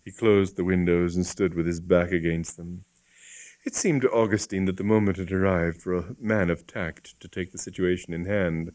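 A man reading a comic story aloud in a dry, measured way. His voice is on the low side and unhurried. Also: a little mellow. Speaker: narrator.

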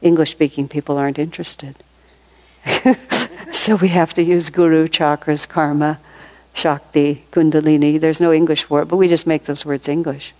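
A woman's voice: sits low, little pitch movement, moderate pace, darkish tone, slight background noise, rough recording. An older woman giving an informal spiritual talk, telling stories in a conversational way and laughing often. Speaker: spiritual teacher.

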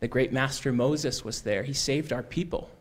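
A man voicing an old male shepherd who is hard of hearing, speaking slowly, wistfully and in a hush. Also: medium pitch, lightly acted.

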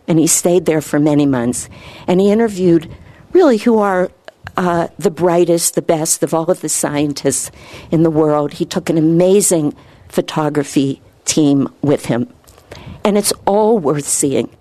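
Woman giving a rambling spiritual talk, low mellow voice, earnest, dry sound. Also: a little slow, dry recording. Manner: rambling, earnest, rises in pitch when excited. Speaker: spiritual speaker.

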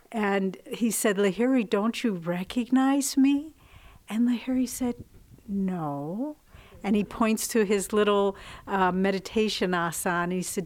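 A woman giving a devotional talk as a spiritual teacher. She speaks slowly and leaves long pauses, in a voice of middle pitch. Her manner is reflective and earnest as she tells her stories. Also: clear, resonant tone. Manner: slow, reflective, earnest storytelling.

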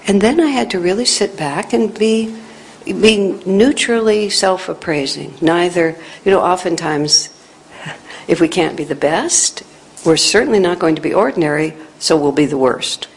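A woman teacher telling a personal spiritual story in an earnest, reflective way, growing animated when she quotes others. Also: lowish voice, moderate pace, poor audio. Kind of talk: storytelling talk.

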